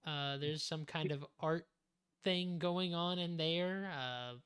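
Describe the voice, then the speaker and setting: A man's voice: a little high, takes it slowly, a loud crowd. A man acting as game master, narrating scenes in a loose, rambling way and swearing casually.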